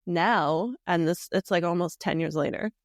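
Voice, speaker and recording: A podcast host talking reflectively in casual conversation, often pausing on fillers as thoughts form. The voice has a noticeable gravelly fry. It is recorded dry and close. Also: medium pitch, no echo. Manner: reflective and hesitant, many fillers.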